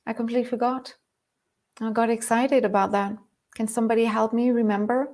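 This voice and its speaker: A woman from France with a French accent, hosting a live spiritual talk and greeting viewers by name in an excitable way. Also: on the high side, a little fast. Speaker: host and lightworker mentor.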